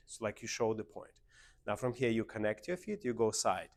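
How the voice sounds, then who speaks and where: A man with a Russian accent leads a beginner dance class. He counts the steps aloud and coaches his students. His voice sits at an ordinary middle pitch. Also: fairly quick. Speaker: dance teacher. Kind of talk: dance lesson instruction.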